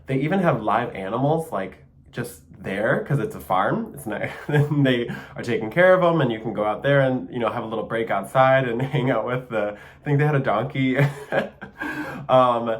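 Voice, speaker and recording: A man's voice: mid-range voice, animated, normal speed. A young man with a Michigan accent hosting a casual solo podcast, chatty and enthusiastic, with plenty of fillers and small laughs. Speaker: podcast host.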